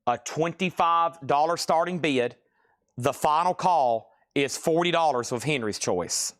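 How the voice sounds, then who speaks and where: A man's voice: a little high, fairly bright tone. Hyped man calling a live record auction. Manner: hyped, rapid auction patter with mock quoted reactions. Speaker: live sale host.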